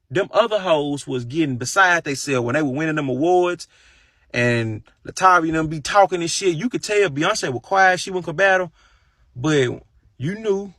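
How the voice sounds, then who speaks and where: Gravelly, profane man ranting casually. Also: animated, moderate pace, a bit bright, dry recording, clean studio sound. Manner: profane, gossipy, breaks into high falsetto singing and mimicry. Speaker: streamer. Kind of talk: casual rant.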